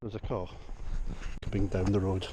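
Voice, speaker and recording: A man's voice: low voice, level tone, normal speed, background noise. A young man from North East England with a Northumbrian accent, vlogging in casual rambling chat while out on a rural walk. He thinks aloud and talks to his dog as he goes.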